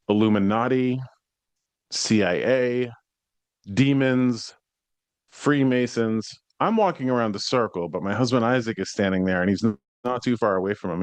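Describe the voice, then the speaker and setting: A man hosting a podcast, telling a story in a casual, conversational way that grows animated as he retells what happened. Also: fairly low pitch, clean tone, dry recording. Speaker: psychic medium podcast host.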